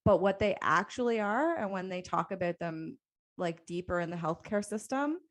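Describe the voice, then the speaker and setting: A woman in her thirties co-hosts a podcast in a casual chat. Her voice sits a little low, and she speaks earnestly with firm emphasis, now and then turning sarcastic. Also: animated, moderate pace. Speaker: podcast co-host.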